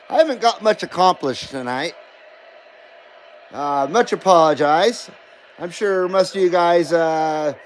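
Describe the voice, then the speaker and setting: A man's voice: sits high, poor audio. A middle-aged man hosting a casual live stream, reading viewer comments aloud and bantering back, swearing freely. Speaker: livestream host.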